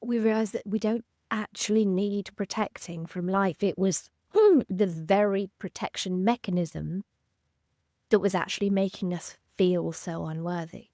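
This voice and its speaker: A woman who hosts a podcast as a recovery coach, speaking in a calm, reflective way. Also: mid-range voice, a little slow, no room sound, studio quality. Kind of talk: podcast interview.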